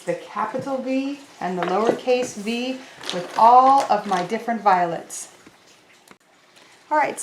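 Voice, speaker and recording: A woman teaching a children's lesson, talking slowly and clearly in a sing-song teacher voice to young kids. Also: on the high side, slight background noise. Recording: roomy echo.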